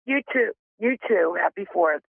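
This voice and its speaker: A woman's voice: medium pitch, lively intonation, moderate pace, vocal fry, breathy edge, dry recording. A woman calling in to a show, grateful and emotional, repeating herself. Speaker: caller. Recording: tinny phone line.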